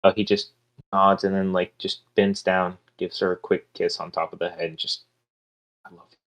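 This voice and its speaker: A soft-spoken man playing a tabletop game, talking in a halting way. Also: low-pitched, little pitch movement. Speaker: player.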